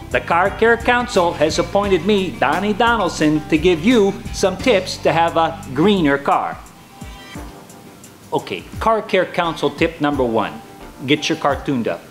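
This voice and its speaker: A man performs a comedic sketch monologue as a hammy, folksy used-car dealer giving tips in salesman patter. His voice is fairly high and lightly acted.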